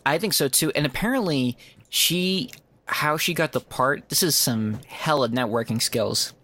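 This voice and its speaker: Male podcast co-host, playful, medium pitch, casual chat. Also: unhurried, bright, forceful tone. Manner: jokey, acts out quotes in silly voices.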